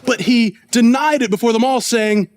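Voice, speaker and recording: A man with a strikingly high voice preaches a sermon in a church. He tells the story, acts out the quoted voices, and sinks low and quiet for the solemn points. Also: moderate pace.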